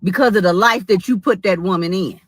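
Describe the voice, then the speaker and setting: A woman's voice: medium pitch, fairly quick, breathy edge, dry recording. Woman, opinion commentary, lecturing tone, repeats her points, dry close sound. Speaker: commentator in a played clip.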